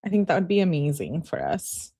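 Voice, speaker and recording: Lower-voiced woman streamer chatting. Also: wildly swooping pitch, a little fast, vocal fry, warm tone, breathy edge. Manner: chatty, reflective, many fillers. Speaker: streamer reacting to a video. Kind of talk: casual livestream commentary.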